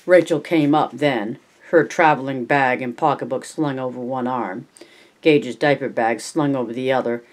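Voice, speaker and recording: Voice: medium pitch, fairly even intonation, moderate pace. An amateur reader narrating a novel at home, unpolished, with slips and restarts. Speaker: audiobook reader. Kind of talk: casual audiobook reading.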